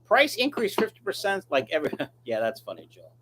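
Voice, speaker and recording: A man chatting casually on a live stream, reading out viewer comments and riffing on them with jokes at his own expense. His pitch swings around a lot as he talks, rambling from one remark to the next. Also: huge pitch swings, a little fast, fairly bright tone, slight background noise. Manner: joking, rambling, self-mocking. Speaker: fish breeder hosting a live stream.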